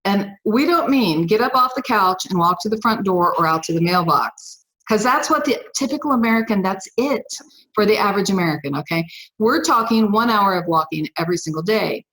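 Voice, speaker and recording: A woman guest on a podcast, telling her own story in an emphatic, animated way and acting out the dialogue. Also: mid-range voice, brisk, low-quality recording. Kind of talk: personal storytelling.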